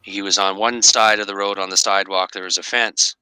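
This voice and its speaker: Deep-voiced man with a bright, dry sound. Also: level tone, a little fast, smooth, dry recording, low-quality recording. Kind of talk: casual chat.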